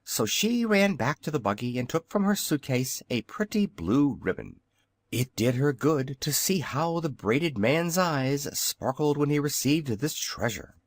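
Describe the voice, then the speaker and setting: A man narrating a children's audiobook in a measured, expressive reading style. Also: fairly high pitch, no echo, studio quality. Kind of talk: scripted narration.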